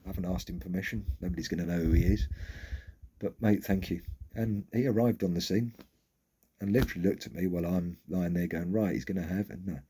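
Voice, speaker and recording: Low, husky man, frankly telling his story. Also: fairly quick, dark tone. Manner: frank and candid, swears casually. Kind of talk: personal storytelling vlog.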